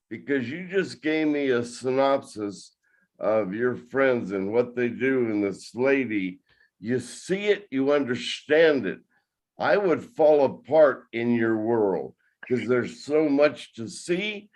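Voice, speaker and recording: A man hosting a podcast, asking his guest questions in a deliberate, admiring way. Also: mid-range voice, a little mellow. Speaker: podcast host. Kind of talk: interview.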